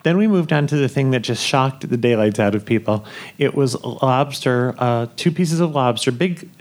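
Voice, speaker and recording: A man's voice: mid-range voice, moderate pace. Chatty man telling a live audience a story. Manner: chatty, laughing, enthusiastic food storytelling. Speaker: podcast host. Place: theater on a cruise ship.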